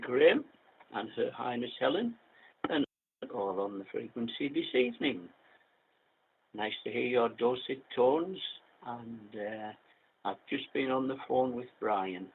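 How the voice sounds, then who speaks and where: A man's voice: medium pitch, breathy edge. An older man from England checking in to an amateur radio net, telling of his weekend. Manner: plain, easygoing storytelling. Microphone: radio transmission. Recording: tinny radio link with faint noise.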